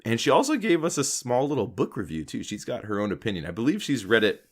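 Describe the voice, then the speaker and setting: A man's voice: medium pitch, very animated, fast. A man co-hosting a casual podcast, joking around and tripping over names. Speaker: podcast co-host.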